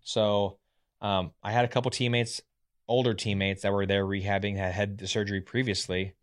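Animated man telling stories casually. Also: on the low side, normal speed. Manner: animated, acts out quotes of others. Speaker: former pitcher, guest. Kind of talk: casual storytelling.

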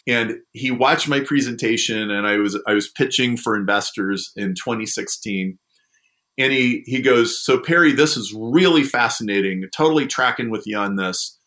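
Bright-voiced animated man telling stories. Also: fairly low pitch. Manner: animated storyteller, acts out quoted people. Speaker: guest discussing a science prize. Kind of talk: casual podcast conversation.

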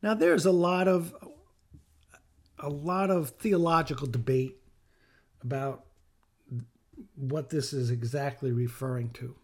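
A man's voice: on the high side, fairly even intonation, takes it slowly, long pauses. A middle-aged man hosting a podcast, giving a heartfelt scripture teaching in an earnest way and repeating phrases for emphasis. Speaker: podcast host and bereaved father.

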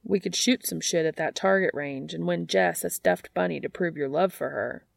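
Woman voicing young man, tearful, wisecracking, low, gravelly. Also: normal speed, no echo, clean studio sound. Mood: teasing. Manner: choked-up then wisecracking. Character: tearful young man, guarded, teasing older brother.

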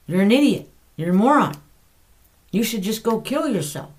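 A woman's voice: mid-range voice, lively intonation, normal speed, pitched above the performer's own voice, natural voice. Brief: cruel, mocking enemy spirit, put on by a woman teacher, sneering and raised. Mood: taunting. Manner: taunting, mocking.

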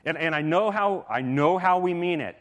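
A man's voice: a little high, moderate pace. A middle-aged man preaching a sermon in a casual, conversational way, repeating himself and using fillers. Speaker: pastor.

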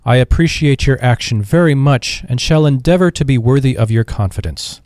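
A man's voice: medium pitch, normal speed, darkish tone, dry recording, clean studio sound, natural voice. A man reading aloud and voicing a cheerful, earnest young army veteran looking for work. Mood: eager.

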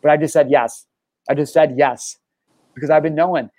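A young adult man hosting a podcast, telling stories in an excitable, profane, casual way, full of bro and dude. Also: on the high side, moderate pace, no echo. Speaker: podcast host. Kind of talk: casual chat.

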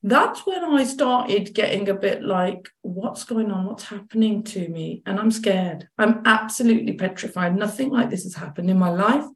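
Woman chatting about her past, acts out the voices, middle pitch, bit of room echo. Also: normal speed, few pauses. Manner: animated, acts out quoted dialogue. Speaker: guest, chronic pain and mindset coach. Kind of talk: conversational storytelling.

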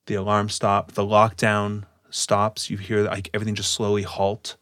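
A man's voice: lowish voice, monotone, moderate pace, fairly bright tone, dry recording, clean studio sound. A man narrating a tabletop game as game master, describing scenes in a loose, descriptive way. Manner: descriptive, fillers like "like".

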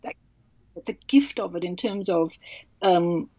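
Low-voiced woman telling a personal story. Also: mellow, no echo. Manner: halting, emotional, many restarts. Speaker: author and interview guest. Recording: dull, dry sound.

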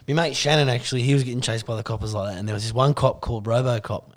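A man's voice: medium pitch, steady tone, rapid-fire. An Australian man chatting and telling stories in casual banter, swearing and laughing into his punchlines. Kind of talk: casual chat.

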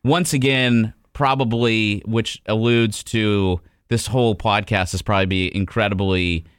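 Low-voiced man telling stories on a podcast. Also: a little slow, clean tone, no room sound, clean studio sound. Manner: animated storyteller acting out past dialogue. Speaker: podcast host. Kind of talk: casual chat.

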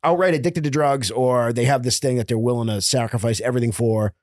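A man's voice: mid-range voice, fairly even intonation, fast, a little mellow, no room sound, studio quality. A man chatting on a casual podcast as a guest, talking loosely with plenty of hedges and fillers.

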